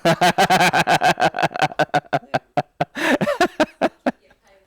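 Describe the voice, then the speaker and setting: A man's voice: high-pitched, wildly swooping pitch, extremely slow, a bit bright, slightly rough, dry recording. A man teaching a live workshop, talking to the group in a casual, playful, teasing way. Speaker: NLP trainer. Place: training room.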